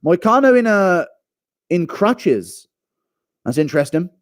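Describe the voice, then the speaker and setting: A man's voice: high voice, big pitch swings, measured pace, dry recording, studio quality. A young man streaming, ranting in a casual, profane, rambling way.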